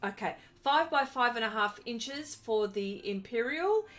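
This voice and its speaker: A woman's voice: on the high side, animated, measured pace, fairly bright tone, soft background music. An Australian woman hosting an art live stream, chatting casually and greeting viewers by name as she works. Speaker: art livestream host. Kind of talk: casual live stream chat while drawing.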